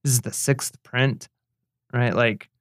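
Male co-host, mid-pitched and easygoing, halting delivery, dry close mic. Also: clear, resonant tone, dry recording. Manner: relaxed, hesitant, many fillers and restarts. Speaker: podcast co-host. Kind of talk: casual chat.

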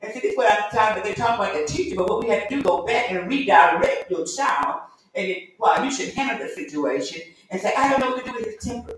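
A woman teaches Sunday school in a church room, conversational and folksy, sometimes acting out the voices of people in her stories. Her medium-pitched voice is animated and quick, heard from far off in a very echoey room with slight background noise.

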